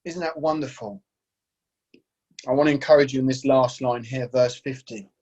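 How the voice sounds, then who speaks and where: A man's voice: mid-range voice, normal speed, darkish tone, dull audio. A man preaching an earnest, enthusiastic sermon as pastor, with many rhetorical questions.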